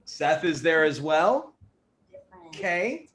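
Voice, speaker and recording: A man's voice: on the high side, sing-song, drawn-out words, a bit bright. A man hosting a livestream panel, loose and profane, laughing between lines. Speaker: host.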